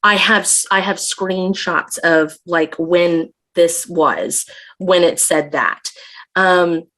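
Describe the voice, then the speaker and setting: A woman's voice: fairly low pitch, slow pace, a bit bright. Intense, emphatic woman podcast guest. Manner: intense, emphatic, swears freely. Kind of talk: casual podcast chat.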